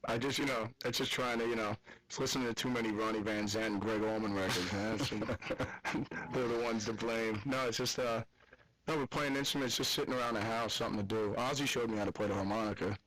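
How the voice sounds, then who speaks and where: A man's voice: fairly low pitch, fairly even intonation, fairly quick, a bit bright, poor audio. A man with a Southern US accent chatting casually as a guest on a radio call-in show, rambling and laid-back. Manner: loose, rambling, laid-back with lots of fillers. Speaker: guest musician. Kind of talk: casual on-air interview.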